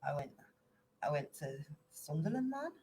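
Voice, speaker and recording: A woman's voice: low voice, sing-song, moderate pace, warm tone, poor audio. An English woman guest in a casual chat, chatty and playful, with faint noise behind her. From England. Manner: chatty, playful, slips into put-on accents.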